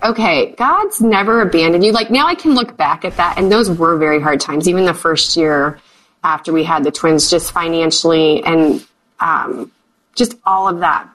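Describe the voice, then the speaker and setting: A woman's voice: mid-range voice, fairly bright tone, low-quality recording. A woman in her thirties from the United States, a guest talking earnestly and chattily in a candid conversation. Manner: earnest, chatty, many "like" fillers.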